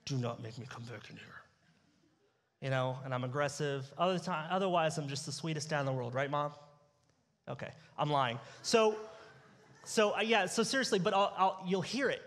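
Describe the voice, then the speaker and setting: A man's voice: a little high, normal speed, a bit bright. A young man preaching a sermon as pastor, telling funny family stories and acting out the dialogue. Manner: humorous storytelling, acts out dialogue. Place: church sanctuary. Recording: church hall reverb.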